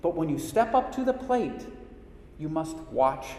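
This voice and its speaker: A man's voice: a little high, sing-song, measured pace, dark tone. A middle-aged man hosting a spiritual talk, telling stories casually with many restarts and fillers. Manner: chatty storyteller, frequent restarts and fillers. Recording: echoey hall reverb.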